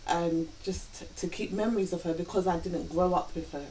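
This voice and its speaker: A woman's voice: fairly low pitch, fairly even intonation, brisk, dark tone. A woman sharing a personal story with her partner, earnestly quoting her own thoughts aloud. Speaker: vlog co-host. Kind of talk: reflective couple chat. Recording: distant mic with faint background hiss.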